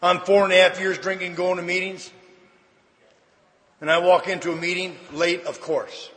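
A middle-aged man sharing his story with a live audience at a recovery meeting, a folksy comic storyteller with dry deadpan asides. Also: high-pitched, moderate pace. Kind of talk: humorous personal testimony to an audience. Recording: reverberant hall, faint background noise.

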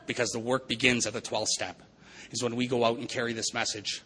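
A man delivers an earnest recovery testimony. His voice is bright and forward, and his tone is preacherly, with repeated phrases for emphasis. There is a faint hum behind him. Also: medium pitch, flat delivery, quick pace, low-quality recording. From Vancouver area, Canada. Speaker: recovery meeting speaker.

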